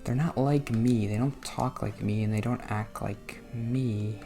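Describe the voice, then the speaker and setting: A man's voice: lowish voice, fairly even intonation, a little slow, mellow, soft background music. A man from New Jersey talking casually while playing a video game, rambling and self-deprecating, groaning and laughing at the game. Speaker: gaming vlogger.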